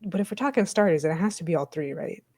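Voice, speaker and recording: A woman's voice: lowish voice, animated, racing, darkish tone. A woman co-hosting a podcast, bantering casually with jokes and the odd swear. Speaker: podcast co-host. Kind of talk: casual chat.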